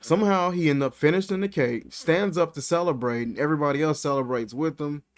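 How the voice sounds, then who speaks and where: A man giving a casual movie review, animated and incredulous, talking in loose slang. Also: fairly high pitch, brisk. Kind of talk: casual film commentary.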